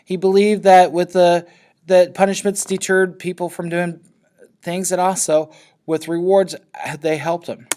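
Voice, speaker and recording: A man's voice: high voice, level tone, a little slow, dark tone. Male teacher giving a loose classroom lecture. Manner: loose, checks in with frequent "okay?".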